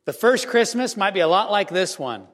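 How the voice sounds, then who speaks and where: A man giving a Christmas homily as a priest, telling a story earnestly with measured pauses in a church. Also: high-pitched, big pitch swings. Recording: reverberant church hall.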